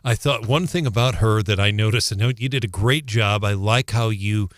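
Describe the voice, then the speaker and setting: A man's voice: on the low side, normal speed, dry recording, clean studio sound. Easygoing male radio co-host. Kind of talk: casual morning radio talk.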